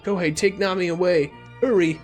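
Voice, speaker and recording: A man's voice: sits high, steady tone, normal speed, darkish tone, faint music behind, voice pushed up, close to an everyday voice. A man voicing a desperate young woman fighting a fish monster, reading her lines urgently in a video game story.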